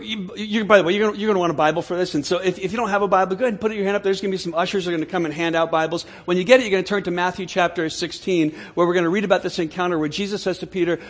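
A man preaching a sermon as pastor, speaking conversationally and often repeating words and restarting. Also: high voice. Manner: soft slow prayer voice.

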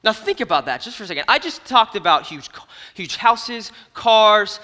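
A young man giving a comedic storytelling sermon at an event, animated and swinging from hushed to loud. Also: sits high, moderate pace. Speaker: youth speaker at an event. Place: large hall at an event. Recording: hall reverb from a stage.

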